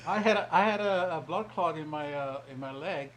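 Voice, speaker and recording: Man, caller, deadpan jokes, fairly high voice, faint noise. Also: a little fast. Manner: deadpan, joking. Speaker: caller joining a live stream. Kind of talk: casual chat.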